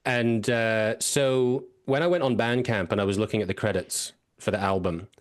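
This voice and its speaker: A man hosting a podcast interview, talking in a thoughtful, relaxed and conversational way. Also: lowish voice, normal speed. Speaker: podcast host. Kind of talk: casual interview chat.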